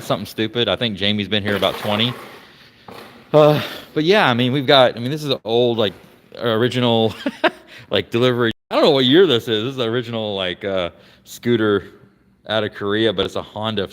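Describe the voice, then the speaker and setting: A man's voice: medium pitch, a bit bright, long reverb tail. A man from Florida casually chatting through a garage walkaround, rambling with lots of fillers and restarts. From Florida, United States. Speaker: vlogger showing his car collection. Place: garage workshop.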